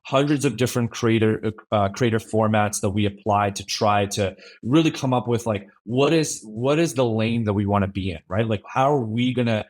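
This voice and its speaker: Laid-back man rambling as podcast guest. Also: on the low side. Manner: relaxed, rambling, frequent restarts and "like". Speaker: podcast guest, brand creative officer. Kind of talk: casual interview chat.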